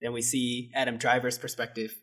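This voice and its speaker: A man's voice: medium pitch, completely flat delivery, brisk, fairly bright tone. A man co-hosting a casual movie review chat, sarcastic and often laughing. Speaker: podcast co-host.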